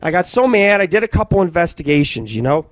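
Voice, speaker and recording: A man hosting an internet radio show, telling stories in a profane, rambling way and jumping between loud outbursts and muttering. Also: fairly high pitch, very animated, fast talker, no echo. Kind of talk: rambling live-stream monologue.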